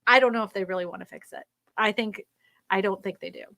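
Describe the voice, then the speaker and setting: A woman with a mid-range, gravelly, bright voice talks fast in a forceful tone, with no echo. Hosting a real estate live stream, she reads viewer comments aloud and answers them in an emphatic, ranting way, laughing often.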